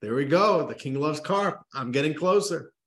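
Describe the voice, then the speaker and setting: A man voicing a naive, excited male carp, soft and wistful, in a story told in a class. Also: a little high, moderate pace. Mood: eager. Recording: roomy echo.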